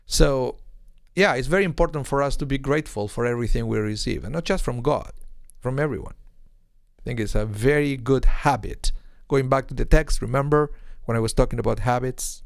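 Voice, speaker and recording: A man's voice: mid-range voice, vocal fry, dry recording, clean studio sound. A man, a rabbi, giving an informal online Torah lesson, explaining with rhetorical questions and acting out quotes. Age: adult with a young son. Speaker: rabbi teaching a weekly Torah class.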